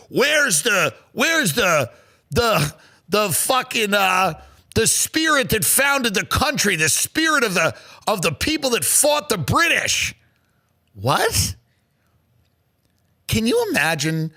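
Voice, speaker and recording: A male comedian on a podcast, ranting with sarcasm and profanity. His voice sits fairly high with a bright, sharp edge. His pitch swings widely as he rants. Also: creaky. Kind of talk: comedic rant.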